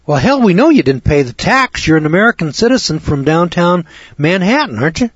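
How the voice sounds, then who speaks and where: Guy lecturing a class, folksy, keeps asking rhetorical questions, bit husky, muffled lo-fi tape. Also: sits high, sing-song, a little fast, no echo. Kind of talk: lecture to students. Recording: dull lo-fi recording.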